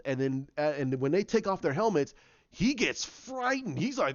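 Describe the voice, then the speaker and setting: A man's voice: on the high side, big pitch swings, moderate pace, dry recording, muffled recording. A man in a casual fan retelling, rambling along with many restarts. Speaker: fan commentator.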